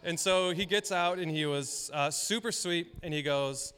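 A man's voice: fairly high pitch, unhurried, a bit bright, smooth. Man pastor preaching in a reverberant hall. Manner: storytelling, conversational, laughs often. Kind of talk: sermon. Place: church hall.

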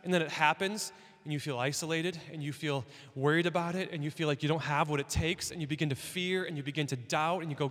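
A man's voice: a little high, steady tone, brisk, fairly bright tone. Young male pastor preaching in a reverberant hall. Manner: conversational, asks the audience questions, acts out quoted doubts. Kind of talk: sermon.

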